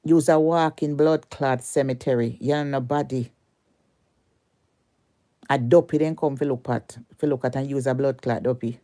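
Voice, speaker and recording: A woman's voice: a bass voice, steady tone, normal speed, mellow. A Jamaican woman delivering a heated, cursing rant at a rival on social media, repeating her insults over and over.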